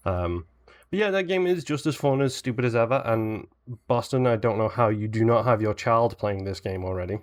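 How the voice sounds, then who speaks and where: A man's voice: fairly low pitch, normal speed. A man from England, co-hosting a casual gaming podcast, teasing and playful as he tells his stories. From northern England. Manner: teasing, playful, animated storytelling. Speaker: podcast co-host.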